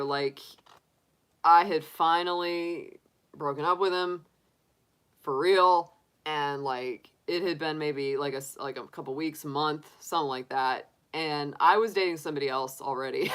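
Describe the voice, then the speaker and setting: A middle-aged woman telling stories on a livestream in a bright, clear voice, slow and unhurried. She talks casually, laughs often and stumbles through restarts and fillers. Her voice sits a little low. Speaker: tarot reader livestream host. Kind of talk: casual chat to live viewers.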